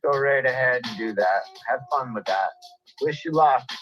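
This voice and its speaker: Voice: mid-range voice, normal speed, muffled recording, faint music behind. A livestreamer in the middle of an angry rant, profane and repetitive, and out of breath.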